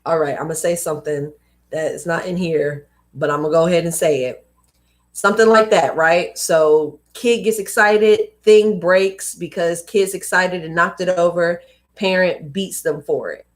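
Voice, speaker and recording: A woman's voice: fairly low pitch, fairly even intonation, normal speed. A young adult woman hosting a live read-aloud, reading a book and adding casual, emphatic asides. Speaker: host reading books aloud.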